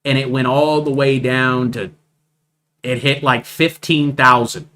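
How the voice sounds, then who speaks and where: Male stream host doing casual chart commentary, bright, forceful tone, keeps hammering the same point. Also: medium pitch, steady tone, measured pace. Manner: emphatic, repeats points, asks "right?" often. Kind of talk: live market commentary over charts.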